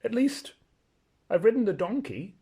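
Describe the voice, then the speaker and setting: A man doing an eager young boy, high-pitched. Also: sing-song, a little slow, warm tone, exaggerated voice. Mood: unsure. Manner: high, breathless and earnest. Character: eager young boy, timid but hopeful.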